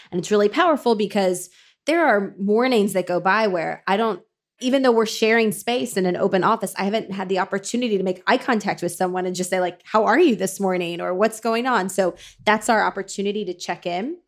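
A woman hosting an interview, asking long, thoughtful questions and speeding up when she explains. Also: medium pitch. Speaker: podcast host. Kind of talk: conversational interview.

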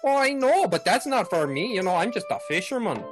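An easygoing village fisherman who drawls and rambles, losing track of his own stories, as a game master puts him on. His voice sits at a middle pitch. Light music plays faintly behind him in this tabletop game. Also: very animated, brisk, natural voice. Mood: folksy. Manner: drawling, rambling, loses his train of thought.

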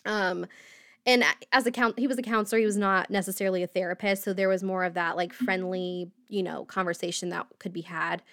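A woman's voice: lowish voice, fairly even intonation, a little fast, a bit bright, no echo. A young woman from Indiana hosting a podcast, telling her own story candidly and rambling with fillers and nervous laughs. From Indiana, USA. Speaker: podcast host.

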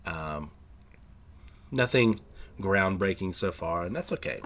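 A man giving a casual chapter recap, rambling with fillers and frequent throat clearing. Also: deep voice, lively intonation, slow pace, fairly bright tone, a little hiss or hum. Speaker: manga reviewer.

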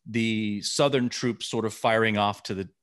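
A middle-aged man co-hosting a podcast, telling animated behind-the-scenes stories in casual chat. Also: lowish voice, normal speed, clean tone. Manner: animated storytelling, acting out scenes. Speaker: podcast co-host.

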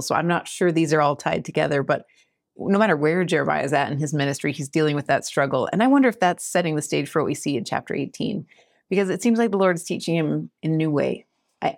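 A woman in her thirties hosts a podcast of casual scripture study, teaching earnestly while often laughing and acting out quotes. Her voice sits low, in a dry, clean studio recording.

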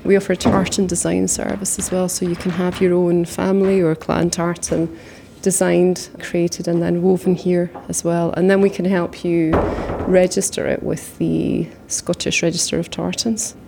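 A woman guiding a tour of a mill in an easy, agreeable way. Her voice is low and flat with a gravelly texture, and she keeps a steady tone. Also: normal speed, background noise. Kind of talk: guided tour interview.

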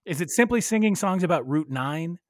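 Host, a man, slightly high, lively pitch, wry questions, dry close sound. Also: brisk, no echo. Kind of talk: casual podcast chat.

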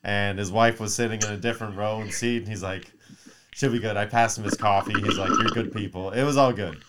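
A man in his thirties, a podcast co-host, telling a long story in casual chat, animated and profane, acting out quotes. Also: lowish voice, brisk, very noisy. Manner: mimics voices in quotes.

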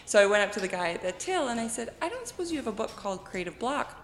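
A woman's voice: fairly high pitch, fast. Woman, guest author, anecdotal storytelling, laughs often, echoey room, long reverb. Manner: lively anecdotal, acts out quotes, laughs often. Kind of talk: casual storytelling interview.

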